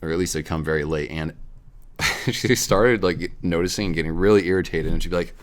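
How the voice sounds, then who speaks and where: A young man with a low, bright voice tells a high school story in a rambling, casual way. He laughs often and keeps the tone loose and chatty. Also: normal speed. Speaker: podcast co-host.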